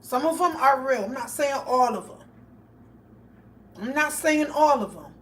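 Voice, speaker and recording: A woman's voice: sits high, expressive, measured pace, distant mic. A woman hosting a casual livestream, telling stories emphatically and speaking straight to her viewers over a phone. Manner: emphatic storytelling, addresses viewers directly. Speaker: livestream host. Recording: voice a bit off mic, faint background noise.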